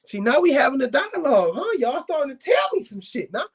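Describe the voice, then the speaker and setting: Animated high-voiced man chatting. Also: brisk. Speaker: dog kennel owner hosting a live talk show. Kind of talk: casual live-stream chat with viewers.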